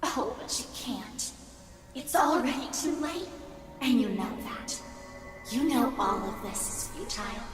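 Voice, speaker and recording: A woman's voice: on the high side, expressive. A woman voicing a taunting female monster that mimics a friend's voice, mocking and cruel. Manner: mocking, cruel, drawn-out sneering. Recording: echoey hall, from far off, music behind.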